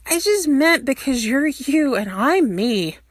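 A woman reading aloud and voicing a sarcastic, excitable young man who never stops talking. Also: sits high, no room sound, studio quality, voice pushed up, full character voice. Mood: flustered sarcastic. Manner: quick, sarcastic, flustered. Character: mouthy excitable young man, talks nonstop.

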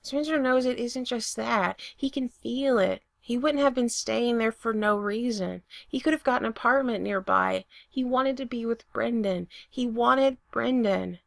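A woman reading a romance story aloud, steady in her narration and voicing the dialogue. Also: a little high, measured pace, vocal fry, few pauses, dry recording, clean studio sound. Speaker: reader. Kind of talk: reading fan fiction aloud.

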